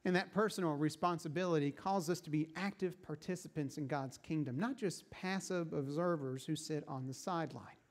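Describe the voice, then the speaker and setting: A man's voice: a little high, normal speed, few pauses. A male pastor giving a sermon in a conversational storytelling way, then leading a prayer and reading scripture.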